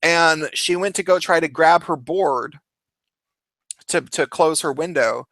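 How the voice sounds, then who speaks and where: A young man telling a story in a casual, animated way, laughing often and swearing. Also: fairly high pitch, unhurried, dry recording. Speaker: vlogger.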